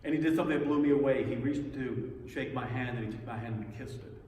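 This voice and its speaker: A man giving a personal testimony talk at a spiritual center, telling stories with pauses and repeated words. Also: mid-range voice, darkish tone, a little hiss or hum. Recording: echoey hall, distant mic.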